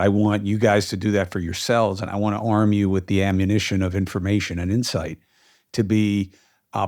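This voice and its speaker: A man with a low voice hosts a podcast in a casual, opinionated way. He talks emphatically and often pauses on ums and uhs. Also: darkish tone. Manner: emphatic, frequent fillers. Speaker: podcast host.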